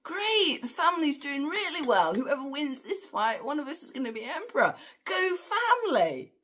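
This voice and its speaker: Woman doing a gleeful, squeaky young villain. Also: sing-song, normal speed, a bit bright. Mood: gleeful mocking. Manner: sing-song, teasing. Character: smug young male villain, gleeful and mocking.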